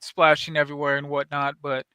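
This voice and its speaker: Man, podcast host, casual profane chat, laughs a lot, high bright voice, crisp dry sound. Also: monotone, a little fast, dry recording. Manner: loose, profane, laughing storyteller. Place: San Antonio area.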